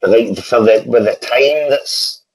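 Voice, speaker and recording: A man's voice: medium pitch, a little slow, poor audio. A middle-aged Scottish actor, a guest in a casual podcast interview, who talks with energy, repeats phrases and often ends lines with "man".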